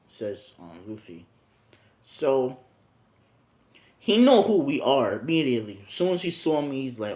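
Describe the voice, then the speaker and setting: A man's voice: mid-range voice, very animated, measured pace, long pauses, darkish tone. Young man, casual storytelling, slangy, rambling with ums, echoey room. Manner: rambling, slangy, many ums, laughs at own jokes. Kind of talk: casual fan-fiction storytelling. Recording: roomy echo.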